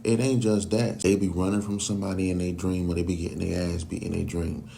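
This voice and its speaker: Deep gravelly man, blunt and profane. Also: flat delivery, fast, warm tone, slight background noise. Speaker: commentator. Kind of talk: casual monologue.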